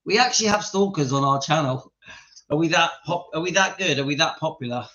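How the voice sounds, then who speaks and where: A man's voice: a little high, expressive, a little fast, pushed and bright. A man hosting a casual live stream from home, laughing often and breaking off to talk to his dog. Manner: giggly, keeps breaking into laughter; talks to his dog between remarks. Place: home, indoors. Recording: dull lo-fi sound.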